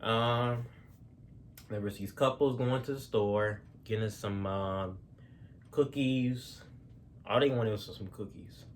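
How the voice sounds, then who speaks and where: Guy telling stories off the cuff, lots of ums and restarts, lowish voice, faint hum behind. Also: slow pace. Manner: rambling, with many fillers and restarts, casual slang. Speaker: storyteller. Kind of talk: casual spoken storytelling.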